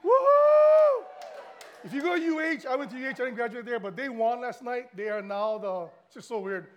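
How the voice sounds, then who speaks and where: A man's voice: extremely high pitch, fast, dull audio, a faint crowd, slight background noise. A middle-aged man from Hawaii with a Hawaiian accent, a guest pastor giving a casual, chatty sermon to the congregation.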